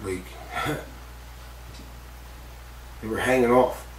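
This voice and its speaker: A mid-range male voice with drawn-out words recounts a stunt accident in an interview. His telling is rambling and profane, loaded with "like" and "you know," and it's captured on a distant mic with roomy echo and faint background noise.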